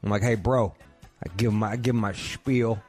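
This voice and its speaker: A man's voice: on the low side, steady tone, a little fast, a little mellow, faint music behind. A man hosting a podcast from home, telling profane, rambling comic stories. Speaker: podcast host. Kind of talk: crude comedic rant. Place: home couch.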